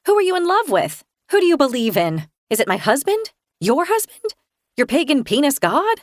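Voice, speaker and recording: A woman's voice: sits high, very animated, moderate pace, no room sound, voice pushed up. A scornful, zealous woman, put on by a female narrator, taunts in a raised, cutting voice. The delivery is cold and certain. The recording is dry and close. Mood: taunting.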